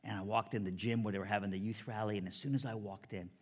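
Storytelling preacher in a reverberant hall. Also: male voice, on the low side, fast. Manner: storytelling, animated quoted dialogue. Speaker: preacher giving his testimony. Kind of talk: sermon testimony.

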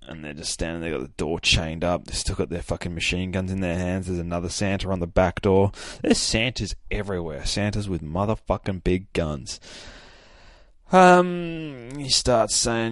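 A man's voice: low-pitched, normal speed, dry recording, clean studio sound. A hungover young man hosting a podcast, recapping a comic in a rambling, profane, casual way with lots of fillers. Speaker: podcast host.

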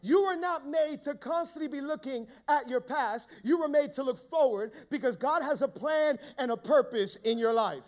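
High-voiced preaching man. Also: normal speed, few pauses. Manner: preaching with humor, calls to the church. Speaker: pastor. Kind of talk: sermon.

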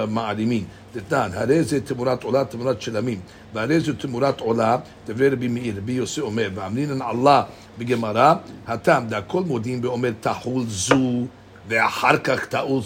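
A man leads a casual Talmud study lesson, rattling off the text quickly before explaining it in English, often stumbling and repeating words. His voice is medium-pitched, with a little hiss or hum in the recording.

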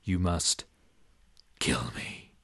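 A man voicing a melodramatic male vampire lover in a bedtime-story parody, with a very low voice. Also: fairly quick, no echo, clean studio sound, close to an everyday voice.

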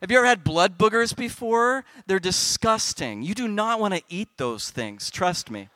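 A middle-aged man speaking on stage at a youth festival, telling a comic personal story to kids with big swings in loudness. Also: sits high, lively intonation, moderate pace, dry recording.

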